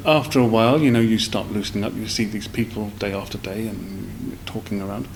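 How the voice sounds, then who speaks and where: Gravelly-voiced man telling stories. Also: on the low side, fairly even intonation, fairly quick, slight background noise, rough recording. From South East London. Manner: rambling, with many fillers and restarts. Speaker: guest. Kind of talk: casual storytelling in a podcast interview.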